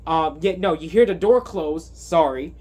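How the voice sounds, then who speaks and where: Male reviewer, unhurried, rambling and filler-heavy, slightly high voice. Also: a little mellow. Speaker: movie reviewer. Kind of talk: casual movie recap.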